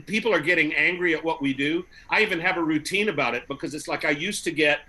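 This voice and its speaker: A man with a somewhat high, bright and forceful voice talks in a casual panel chat. He is animated and argumentative, and he fires back quick rebuttals. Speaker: comedian guest.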